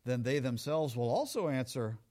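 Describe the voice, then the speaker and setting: A man preaching a sermon as pastor, lively and acting out the voices of the people he quotes. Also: medium pitch, normal speed.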